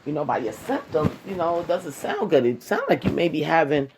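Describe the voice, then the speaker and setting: A woman retelling what a doctor told her, speaking in a measured, hedging way. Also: low voice, expressive, darkish tone, slight background noise. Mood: explaining. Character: calm doctor explaining test results.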